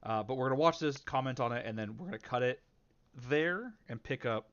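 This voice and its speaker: A man's voice: mid-range voice, expressive, brisk, a bit bright. A man talks through a debate clip in loose, casual commentary. He rambles and restarts sentences, padding his points with fillers. The recording sounds slightly dull and lo-fi. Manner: rambling, many fillers and self-corrections. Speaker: reaction channel host.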